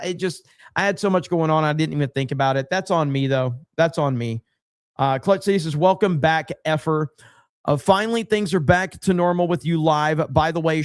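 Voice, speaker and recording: A man's voice: fairly high pitch, dry recording, clean studio sound. A man hosting a livestream, chatting casually and reading viewer comments aloud, loose and rambling with lots of ums. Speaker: livestream host.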